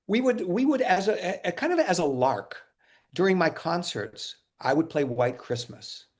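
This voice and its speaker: A man being interviewed, telling casual stories in an animated way, acting out quotes and often laughing. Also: high voice, measured pace. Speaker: interview guest, musician.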